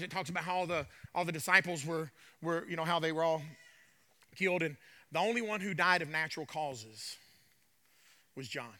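Preacher guy, real high bright voice, fiery, keeps joking with the church. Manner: fiery and emphatic, preaching with rising shouts and joking asides. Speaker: pastor. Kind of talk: sermon. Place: church sanctuary. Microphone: handheld mic with trouble.

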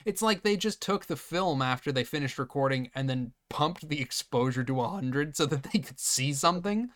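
Male podcast host, bright tone, sarcastic and swears freely while recapping. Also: fairly high pitch, lively intonation, normal speed. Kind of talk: casual movie-riffing chat.

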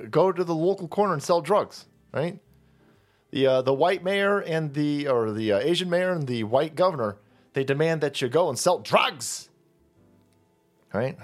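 A man hosts political commentary in a sarcastic, mocking, foul-mouthed way, his voice sitting a little high. Faint music runs beneath his talk. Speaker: commentary channel host.

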